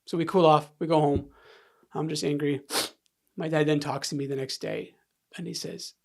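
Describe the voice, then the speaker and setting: Guy in his 30s on a podcast, husky gravelly voice, emotional and halting, sniffly. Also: on the high side, little pitch movement. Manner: candid, halting, repeats words when upset. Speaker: podcast guest. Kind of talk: emotional personal storytelling.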